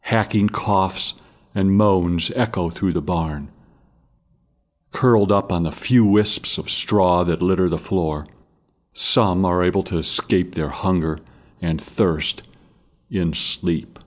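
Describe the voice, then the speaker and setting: A man narrating a story in a grave, measured reading style. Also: sits low.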